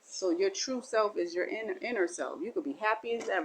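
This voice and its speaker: A woman's voice: medium pitch, a little fast, few pauses, a bit bright, a little hiss or hum, rough recording. A woman delivering a spiritual monologue as a teacher, in a meandering, repetitive and folksy way. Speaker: self-styled spiritual teacher.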